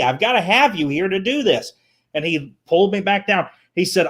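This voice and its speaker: A man telling animated stories as a guest on a talk show, repeating words and acting out the people he quotes. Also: high-pitched, normal speed. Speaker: guest, children's entertainer. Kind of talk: animated storytelling.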